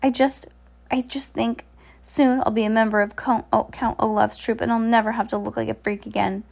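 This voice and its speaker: A woman's voice: fairly high pitch, little pitch movement, normal speed, creaky, darkish tone, pitched above the performer's own voice. A woman doing an eager young circus man.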